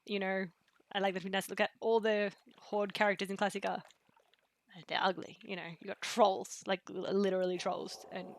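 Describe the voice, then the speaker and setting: A woman chatting casually on a live game stream, rambling with many fillers and dropping into soft asides. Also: mid-range voice, flat delivery, brisk, a little hiss or hum. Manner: rambling, chatty, full of fillers and pop-culture quotes. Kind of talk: casual live-stream chat while gaming.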